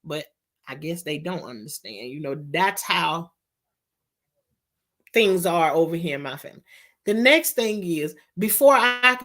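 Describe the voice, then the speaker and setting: A woman's voice: on the low side, animated, measured pace, pauses often, a bit bright. A middle-aged woman, telling a storytime vlog in an emphatic, exasperated way. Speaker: vlogger.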